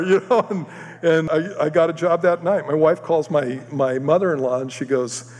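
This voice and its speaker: A man giving a sermon, telling a personal story in an animated way and acting out the voices of the other people in it. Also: a little high, normal speed. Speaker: preacher. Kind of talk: sermon testimony. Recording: long hall reverb.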